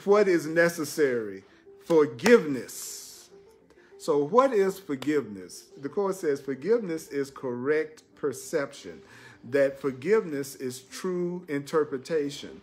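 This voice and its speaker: A man's voice: fairly high pitch, animated, measured pace, soft background music. A man teaching spiritual ideas on a live stream, emphatic and repetitive, often breaking into laughter.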